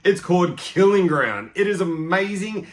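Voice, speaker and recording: A young man hosting a podcast, chatting excitedly through a casual film review and acting out lines from it. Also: high-pitched, normal speed.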